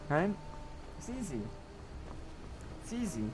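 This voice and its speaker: A man's voice: fairly high pitch, very animated, moderate pace, long pauses, warm tone, faint music behind. A young British man streaming a game, chatting in a rambling way and often tagging on "right?". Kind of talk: casual gaming chat.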